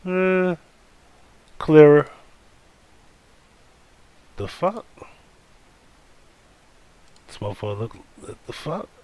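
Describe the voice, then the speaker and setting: A man's voice: a little high, animated, extremely slow, long pauses, dark tone, no echo. A man hosting a live stream, giving blunt, profane, casual commentary and talking straight to his chat. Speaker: livestream host.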